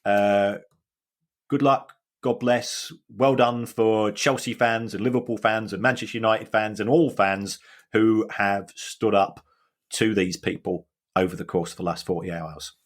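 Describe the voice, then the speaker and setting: Earnest, low-voiced man co-hosting a podcast. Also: steady tone, unhurried. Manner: earnest, emphatic, with frequent restarts. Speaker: podcast co-host. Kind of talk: casual football podcast chat.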